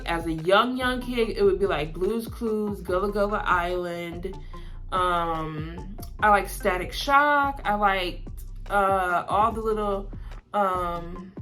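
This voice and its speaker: Young woman, Southern American accent, chatty and rambling, medium pitch, faint music under her voice. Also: a bit bright. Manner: chatty, rambling, laughs often, lots of "like". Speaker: vlogger. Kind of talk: casual get-to-know-me tag video.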